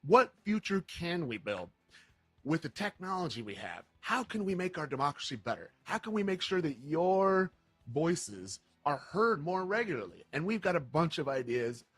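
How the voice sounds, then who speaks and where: A man hosting a livestream, talking in an earnest, impassioned way with many fillers and halting restarts. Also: a little high, big pitch swings, a bit bright, breathy edge, no room sound. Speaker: livestream host. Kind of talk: emotional livestream talk.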